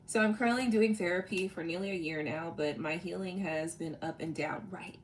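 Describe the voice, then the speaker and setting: A woman's voice: on the low side, a little fast, a little hiss or hum. A woman hosting a tarot livestream, talking casually and bluntly to viewers, laughing often, swearing freely and tagging sentences with "right?". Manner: repeats "right?" and "you know" constantly. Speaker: tarot reader and livestream host.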